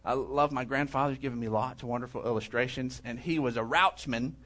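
Talking a little fast in a medium-pitched, somewhat bright voice, this middle-aged pastor keeps his sermon conversational and weaves in storytelling asides.

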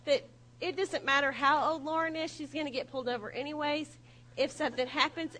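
A woman preaching a humorous sermon, telling stories in an animated, self-mocking way. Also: sits high, brisk, a little hiss or hum, poor audio.

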